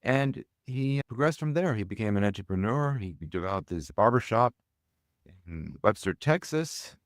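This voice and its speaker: A man, a podcast guest, who talks haltingly and searches for his words. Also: on the low side, lively intonation, no room sound, studio quality. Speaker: co-author guest. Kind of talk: conversational podcast interview.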